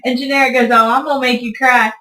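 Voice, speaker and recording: A woman who is an excitable fan, gushing about meeting her favorite creators. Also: fairly high pitch, quick pace, recorded from a distance. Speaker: excited fan, co-host's partner. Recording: echoey room, a bit off mic.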